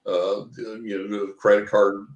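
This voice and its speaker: A man's voice: fairly low pitch, little pitch movement, measured pace, dull audio. Folksy older man in a roomy echo. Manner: folksy and chuckling, acts out quoted dialogue. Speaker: guest psychic. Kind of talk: casual interview chat.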